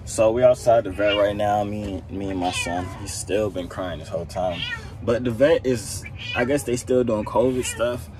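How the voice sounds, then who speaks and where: A young man, chatting casually and rambling on a video blog, and coaxing his cat in high tones. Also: normal speed, noisy background. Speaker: vlogger. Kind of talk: casual vlog chat. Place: at home, then in a car.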